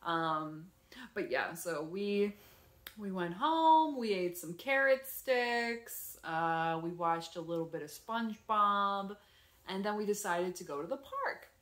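A woman vlogger casually retelling her day at home, rambling and animated with lots of fillers. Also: medium pitch, slow pace. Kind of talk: casual storytelling vlog. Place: her apartment. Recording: echoey room.

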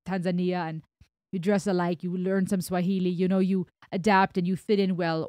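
A woman's voice: lowish voice, no echo, clean studio sound. Reflective American-accented woman reacting to music. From Germany. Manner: reflective, explaining at length. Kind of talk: reaction commentary.

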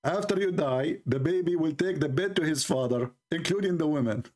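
A taunting, combative man hosts a live-stream polemic. His voice sits a little high for a man, and he keeps chuckling at his own jabs. His English grammar is non-native and rough. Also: a little fast, a little mellow. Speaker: debate show host.

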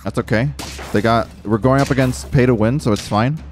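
A man gives casual commentary while playing a game, thinking out loud and poking fun at his own choices. His voice sits at an ordinary middle pitch, and he drops in casual swearing and a lot of "dude". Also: a little fast, soft background music. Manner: self-mocking, talks to himself while playing. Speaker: gaming streamer.

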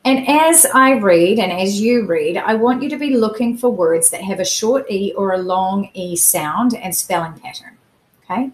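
A woman teacher giving a recorded phonics lesson to children, sounding out vowel sounds slowly and carefully. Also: medium pitch, expressive. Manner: slow, careful enunciation of sounds. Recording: echoey room.

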